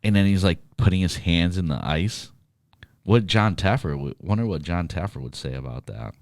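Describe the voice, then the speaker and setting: A man co-hosting a podcast in casual chat, animated and joking, swearing casually as he talks. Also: deep voice, normal speed, no echo. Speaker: podcast co-host, DJ.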